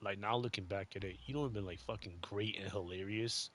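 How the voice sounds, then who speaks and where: A man's voice: lowish voice, fairly even intonation, fairly quick, fairly bright tone, slight background noise. A man co-hosting a casual wrestling podcast, bantering with slang and laughing asides. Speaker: podcast co-host. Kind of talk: casual wrestling review chat.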